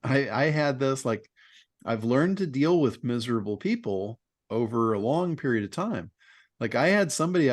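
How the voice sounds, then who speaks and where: Animated man, blunt and laughing. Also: mid-range voice, no echo, studio quality. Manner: blunt, laughs often, mild swearing. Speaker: host of a business call. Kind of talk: casual chat, telling stories and giving advice.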